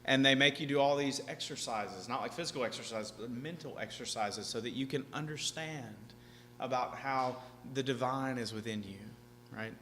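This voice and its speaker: A man speaking to a seminar audience in a large hall, animated and chatty, often checking in with "right?". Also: medium pitch, normal speed. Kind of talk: lively seminar talk to an audience. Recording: echoey hall, faint hum.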